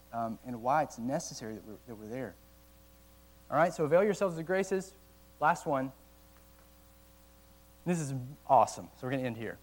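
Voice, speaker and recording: A man giving a casual, conversational sermon to young adults, animated at times and slowing down to read old quotes aloud. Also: on the high side, poor audio. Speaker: college ministry teacher. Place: church meeting room.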